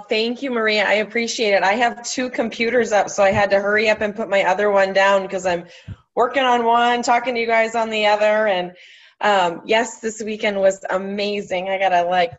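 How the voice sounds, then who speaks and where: A woman on a video call chatting casually about a busy weekend, friendly, quick-talking and exhausted. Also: mid-range voice, steady tone, highs cut off. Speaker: team member.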